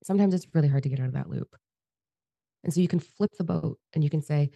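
A woman co-hosting a podcast, talking bluntly and casually, swearing freely and telling animated stories. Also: low-pitched, fast talker, creaky, dry recording. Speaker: podcast co-host.

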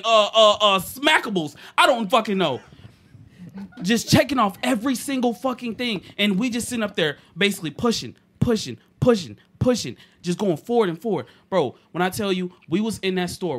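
Animated young man telling a story. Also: sits high. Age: young adult. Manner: animated, profane, swings loud and quiet. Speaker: podcast co-host. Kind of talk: casual storytelling.

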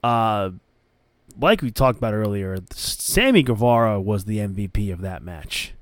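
A man's voice: fairly low pitch, animated, measured pace, no echo. A man hosting a podcast, retelling a match in casual chat with eager, rambling enthusiasm. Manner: enthusiastic, rambling play-by-play recap. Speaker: podcast host.

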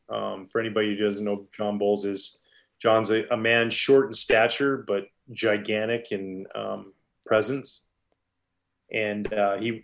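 During an informal interview, a retired professional pitcher tells animated, rambling stories. He keeps backing up and restarting as he talks.

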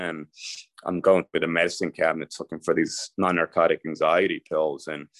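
A man's voice: low-pitched, little pitch movement, brisk, a bit bright. A middle-aged man telling his personal story candidly and conversationally as a podcast guest.

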